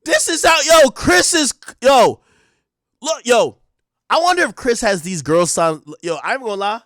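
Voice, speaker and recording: A young man rants with excitable, profane energy, often laughing and breaking into loud bursts. His voice sits high for a man. The recording is close and dry, with no room sound. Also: normal speed, dry recording. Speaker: streamer and commentator. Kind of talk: casual rant.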